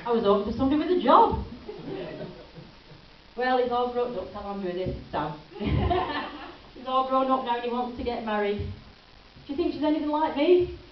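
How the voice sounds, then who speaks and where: A woman's voice: on the high side, expressive, normal speed, pauses often, slight background noise. Woman doing stand-up. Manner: chatty, teasing the audience. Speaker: stand-up comedian. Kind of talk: stand-up comedy routine. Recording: lo-fi camcorder from a distance in an echoey hall.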